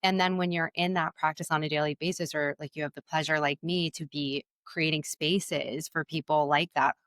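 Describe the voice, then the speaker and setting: A woman's voice: sits low, steady tone, normal speed, fairly bright tone, dry recording. A woman guest on a podcast, a Reiki practitioner, telling stories in an earnest, heartfelt way. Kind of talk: casual conversation.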